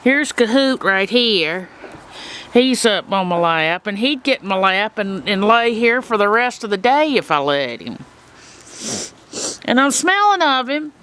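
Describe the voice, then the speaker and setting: A woman's voice: mid-range voice, very animated, measured pace, a bit bright, clear, resonant tone. A woman chatting casually in a video diary about her goats, talking fondly to the animals around her. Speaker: goat keeper. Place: outdoor farm pen with goats.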